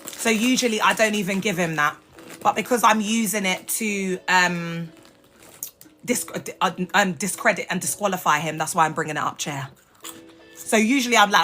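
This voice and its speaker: Woman, blunt and sassy, bright tense voice, casual phone live stream, faint music behind. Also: medium pitch, normal speed. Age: adult mother. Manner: blunt, sassy, swears freely.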